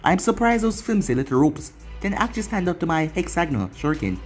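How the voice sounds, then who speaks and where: A storytelling narrator reading the lines of a cold, scornful female ninja in a lowered, dismissive tone. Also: sing-song, quick pace, faint music behind, lightly acted.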